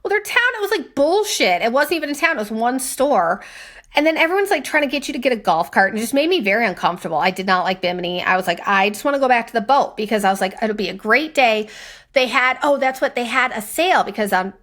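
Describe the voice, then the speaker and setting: A young woman co-hosting a podcast, telling a story in casual chat, animated and profane, acting out other people's lines. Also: on the high side, quick pace. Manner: animated, swearing, acts out quoted voices. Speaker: podcast co-host.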